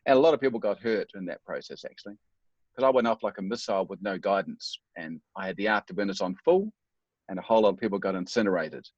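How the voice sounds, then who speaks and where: A man's voice: fairly low pitch, fast, no echo, muffled recording. A middle-aged man speaking as a guest, telling his life story in an earnest, reflective, self-deprecating way. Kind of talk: personal storytelling in a talk.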